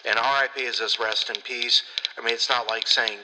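A man's voice: mid-range voice, fairly even intonation, normal speed. A man hosting a casual solo podcast, rambling and blunt, swearing freely with lots of fillers. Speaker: podcast host. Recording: echoey room with clear background noise.

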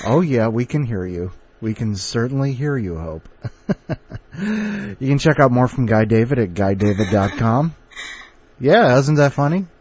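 A man's voice: mid-range voice, sing-song, a little slow, long pauses, highs cut off, a crowd in the background. A man hosting a podcast, chatty, laughing often and stumbling over fillers as he introduces contributors. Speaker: podcast host.

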